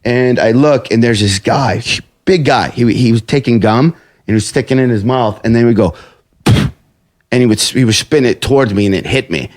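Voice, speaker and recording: A man's voice: mid-range voice, moderate pace. A man chatting casually as a podcast host, telling stories and acting out the quotes in jumpy voices. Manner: animated storyteller, acts out quotes in jumpy voices. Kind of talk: casual chat.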